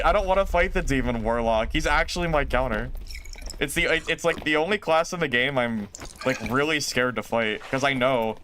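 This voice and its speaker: A man's voice: a little high, moderate pace, pushed and bright, slight background noise. A man streaming a game live, talking through play and answering chat in a self-mocking, exasperated way. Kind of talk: live gameplay commentary reading chat.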